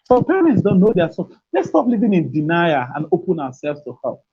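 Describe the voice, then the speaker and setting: A woman's voice: lowish voice, big pitch swings, measured pace, pauses often, slightly rough. A woman gives an emphatic, preachy parenting talk, repeating her key phrases and laughing between points. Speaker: parenting speaker. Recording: dull lo-fi recording.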